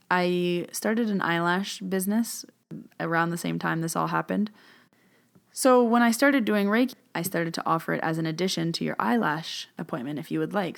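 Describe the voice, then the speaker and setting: Podcast host, female, low register with vocal fry, casual storyteller who quotes dialogue often. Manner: retells events with quoted back-and-forth dialogue; conversational, with frequent "like" and "um" fillers. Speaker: podcast host and spiritual medium.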